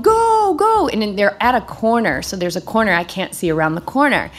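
A middle-aged woman hosting a podcast, telling a story in a casual, animated way with many fillers and high-pitched quoted shouts. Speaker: podcast host.

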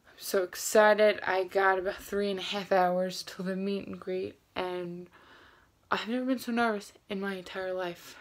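A young woman, talking excitedly and gushingly to the camera in a casual vlog, repeating herself as she goes. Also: medium pitch, moderate pace. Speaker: vlogger.

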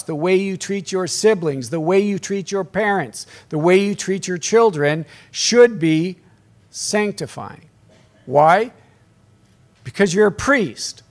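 A middle-aged priest giving a conference talk to a live audience, with a gravelly, fairly high voice. He mixes humorous stories with direct appeals to the crowd. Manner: conversational storytelling with humor and call-outs to the crowd.

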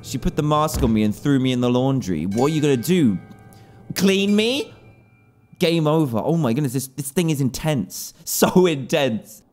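Gaming host, young man, jumpy horror commentary, very lively pitch. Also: moderate pace, faint music behind. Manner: excitable, jumpy, yelps and panics at scares. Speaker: gaming YouTuber.

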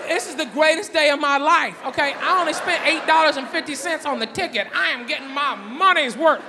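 A stand-up comedian man working a live crowd, telling a story in a loud, conversational way with a high-sitting voice. Laughter and crowd noise pour through the live stage recording. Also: a little fast, long reverb tail. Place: stage before a live audience.

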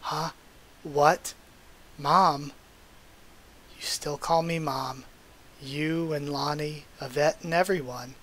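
Man reading a proud male villain, cornered, comic read-aloud, fairly high voice, plain delivery. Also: fairly even intonation, slow pace, pauses often, a bit bright. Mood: bitter. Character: proud, cornered male villain who rules over children.

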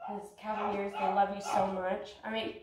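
A woman's voice: mid-range voice, level tone, moderate pace, background noise. A young woman dog trainer, out of breath, giving a chatty, rambling training lesson. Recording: echoey room from far off.

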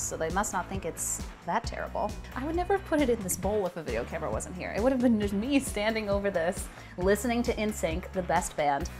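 A young woman with a New Jersey accent, hosting a casual home cooking vlog in a chatty, self-deprecating, jokey way. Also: medium pitch. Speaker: cooking video host. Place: home kitchen.

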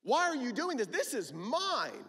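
A man voicing a resentful older brother who complains loudly to God in a raised, indignant, whiny voice. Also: fairly high pitch, lively intonation, moderate pace, big-room sound. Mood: aggrieved whining.

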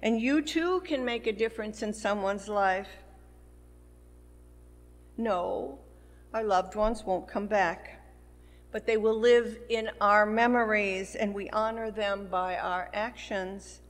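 A woman pastor delivering a sermon in a church, preaching in a slow, measured way and building emphasis on key words. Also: medium pitch. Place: church sanctuary. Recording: long church hall reverb.

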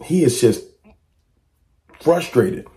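A man giving casual fan commentary to camera, talking emphatically and asking a stream of rhetorical questions. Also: takes it slowly. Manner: rises to excited high-pitched exclamations when reacting to clips.

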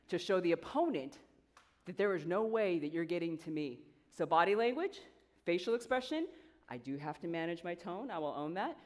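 Lady coach pepping up a room of students, mid-pitched voice, big echoey hall. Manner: energetic, conversational, quizzes the audience. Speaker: coach and guest speaker. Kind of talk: motivational speech to students. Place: large event hall with an audience. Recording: long hall reverb.

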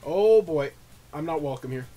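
A young man recording let's play commentary, swearing and swinging from low muttering to sudden shrieks of disgust. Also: lively intonation, normal speed, mellow. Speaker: gamer, channel host.

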